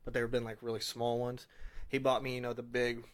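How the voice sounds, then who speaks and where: A man's voice: medium pitch, brisk. A young man as a podcast guest in casual chat, joking and acting out what he said in his stories. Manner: relaxed storyteller, jokey, acts out what he said.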